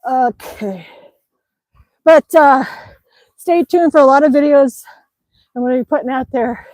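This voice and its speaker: A woman's voice: sits high, a little slow, darkish tone, no echo, rough recording. A woman vlogger chatting on a live stream outdoors in the snow, reading viewer comments aloud and laughing often, a little out of breath from a workout. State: slightly out of breath from exercising outdoors.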